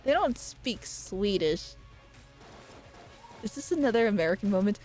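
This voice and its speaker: A young woman streaming a game and chatting casually, excitable and quick to swear, with loud playful outbursts. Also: medium pitch, faint music behind. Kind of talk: casual live-stream gaming commentary.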